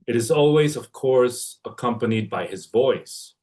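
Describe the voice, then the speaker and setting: A man from Mexico joining by livestream to read a written tribute, hesitant at first, then steady and poetic. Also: medium pitch, measured pace. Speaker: family friend giving a tribute. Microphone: livestream connection.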